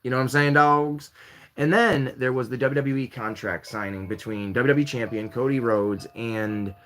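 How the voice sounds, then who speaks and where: A man with a mid-range voice hosts his own live-stream variety show. He rambles and jokes at a loose, chatty pace, with sudden excited jumps in pitch. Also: normal speed. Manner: rambling, jokey, lively swings in pitch while building Lego. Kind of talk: casual live-stream chat.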